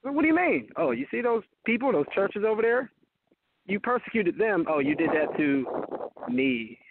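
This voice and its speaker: A man voicing Jesus as he rebukes a persecutor, in a raised and animated voice over a phone line. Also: high voice, normal speed, pitched above the performer's own voice. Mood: rebuking. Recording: phone-line call-in audio.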